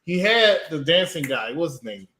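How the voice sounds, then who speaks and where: A man's voice: a little high, very animated, normal speed, bright, forceful tone, a little hiss or hum. A man co-hosting a casual wrestling review show, mocking and joking. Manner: mocking, does exaggerated quoted voices. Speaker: podcast co-host.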